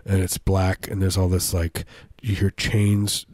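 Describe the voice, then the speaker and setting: A man's voice: sits low, flat delivery, a little slow, a little mellow, no room sound. A man co-hosting a podcast, rambling through comic riffs with lots of fillers. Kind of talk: casual comedic banter.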